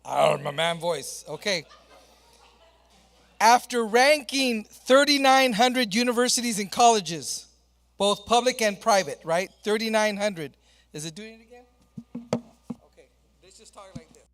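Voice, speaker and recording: A woman with a slightly high voice presents at a reception, speaking at a moderate pace with long pauses. She stays upbeat and playful, making jokes about the technical problems, while the large reception hall adds echo and faint background noise.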